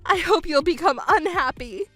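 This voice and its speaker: A woman's voice: very high-pitched, animated, moderate pace, pushed and bright, no echo, faint music behind, heavily acted. A woman voicing a scheming, self-pitying middle-aged stepmother in a texting story, wailing and stammering indignantly. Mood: bitter.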